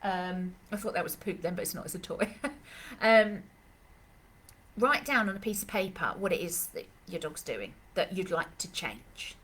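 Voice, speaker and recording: A woman's voice: lowish voice, expressive, normal speed, a bit bright. Chatty woman dog trainer in a live Q&A. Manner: chatty, rambling, many fillers and restarts. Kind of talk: live Q&A session.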